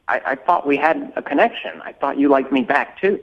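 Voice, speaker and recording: Sheepish, gravelly-voiced man caller. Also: medium pitch, a little fast, lo-fi sound. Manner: sheepish, hesitant. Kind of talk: phone-in chat.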